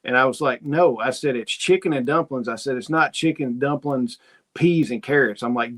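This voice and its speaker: A man's voice: mid-range voice, normal speed, fairly bright tone. Folksy man chatting casually. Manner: folksy, rambling storyteller who acts out dialogue. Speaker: host. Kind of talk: casual livestream chat reading viewer comments.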